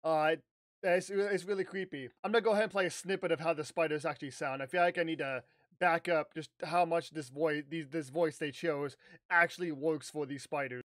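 A man telling a casual, animated story on his vlog, rambling with restarts and the odd swear word. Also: on the high side, a little fast, no echo. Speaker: YouTuber.

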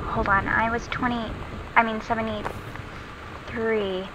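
A woman's voice: a little high, little pitch movement, slow pace, noisy background. A young adult woman casually commenting as she plays a game, chatty and giggly, reading notes aloud as she finds them. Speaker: let's play host.

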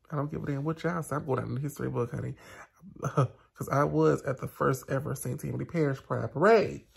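A woman's voice: sits low, gravelly, darkish tone, slightly rough. A woman, chatting sassily to her viewers in a casual vlog recap, now and then dropping into a whisper. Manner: sassy and chatty, with asides to the viewers. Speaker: vlogger.

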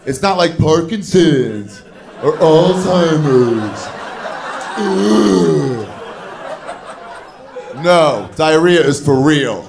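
A man doing a stand-up comedy set on a club stage, telling a story with animated, shouted put-on voices. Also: fairly high pitch, very slow, long pauses, background noise. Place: comedy club stage before a live audience. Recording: live club recording with crowd. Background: audience laughter.

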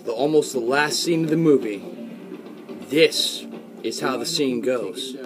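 A man's voice: medium pitch, measured pace, music in the background. A man casually retelling a film scene, rambling loosely and correcting himself. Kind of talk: casual retelling with quoted lines. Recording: crowd noise behind.

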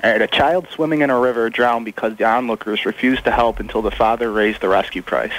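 A man's voice: mid-range voice, steady tone, quick pace, fairly bright tone. An eighteen-year-old man, calling into a radio show and talking in a laid-back, casual way. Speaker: caller. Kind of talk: call-in radio chat. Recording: phone line with faint noise.

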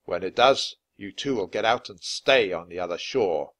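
A man voicing a stern, commanding general in a storybook read-aloud, with quiet anger. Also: low voice, lively intonation, normal speed.

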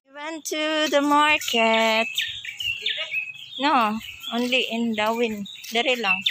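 Slow-talking woman vlogger. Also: on the high side, steady tone, heavy background noise. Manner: coos and baby-talks to pets. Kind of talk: casual vlog narration.

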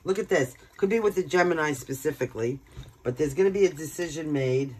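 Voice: mid-range voice, fairly quick, husky, rough recording. Blunt tarot reader. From Brooklyn, New York. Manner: blunt and emphatic, swears freely. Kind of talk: casual tarot card reading.

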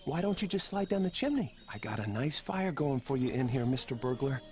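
A man's voice: mid-range voice, big pitch swings, brisk, darkish tone, faint music behind, natural voice. A man playing a grumpy, suspicious carpenter in a video game. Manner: gruff, suspicious, sarcastic.

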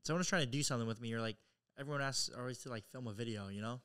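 A man's voice: medium pitch, racing, fairly bright tone, clean tone, no echo. Laid-back young man, dry close sound. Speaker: podcast co-host. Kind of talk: casual chat.

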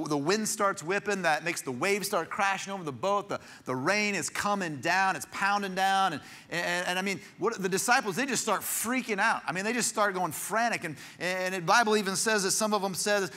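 Bright-voiced man preaching a sermon. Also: high-pitched, fairly quick. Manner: conversational storytelling preaching with restarts. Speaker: pastor. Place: church sanctuary.

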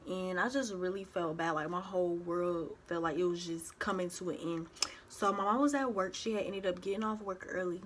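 A woman's voice: fairly low pitch, fairly quick, slight background noise. Young woman telling a personal story. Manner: animated retelling, acts out others' voices. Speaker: vlogger. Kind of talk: casual storytelling.

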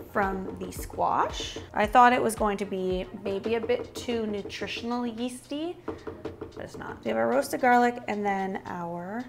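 A woman's voice: mid-range voice, vocal fry. A young woman chatting casually through a cooking demonstration in a home kitchen, with joking asides as she goes. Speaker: cooking vlogger.

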